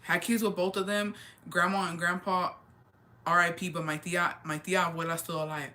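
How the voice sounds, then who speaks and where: A woman in her twenties chatting casually on a livestream, slangy and animated, dropping Spanish words into her storytelling. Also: lowish voice, moderate pace. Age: 20s. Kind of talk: casual chat.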